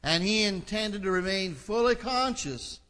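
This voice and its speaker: Man preaching a sermon, bright and forceful tone, earnest and building. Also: high voice, lively intonation, a little slow. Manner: reads scripture aloud, then explains it in an earnest, building delivery. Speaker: pastor.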